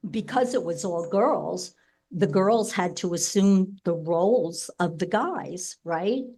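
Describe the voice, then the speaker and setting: A woman's voice: on the low side, a little mellow. A woman in her sixties from New Jersey telling family stories at a memorial, chatty and laughing, often adding "right?" to her sentences. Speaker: sibling speaking at a memorial. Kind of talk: memorial tribute, personal storytelling.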